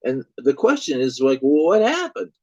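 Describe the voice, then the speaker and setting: A man's voice: fairly high pitch, wildly swooping pitch, moderate pace, dark tone, slightly rough, no echo, muffled recording. A man teaching a recorded music lecture, speaking hesitantly with frequent fillers. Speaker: music instructor.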